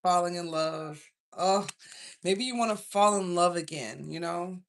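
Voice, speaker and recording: A woman with a Southern US accent, chatting casually through a live tarot reading from home, slangy and quick to laugh. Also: fairly low pitch, slight background noise. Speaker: tarot reader.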